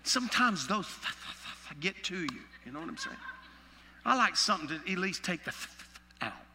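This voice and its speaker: A man's voice: high voice, sing-song, a little fast, bright, forceful tone, slight background noise. Man, Southern pastor, Alabama accent, folksy humorous sermon, long church-hall reverb. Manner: folksy preaching with humorous asides.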